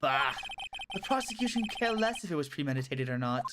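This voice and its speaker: A woman voicing a cold, haughty young male prosecutor in a condescending, clipped manner, over loud game music. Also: deep voice, very animated, a little fast, heavy background noise. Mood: scornful.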